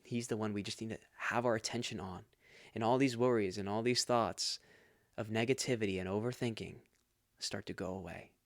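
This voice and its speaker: A man's voice: lowish voice, fairly even intonation, brisk, no room sound, studio quality. Earnest man hosting a faith podcast. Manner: earnest, chatty, laughs often. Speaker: podcast host.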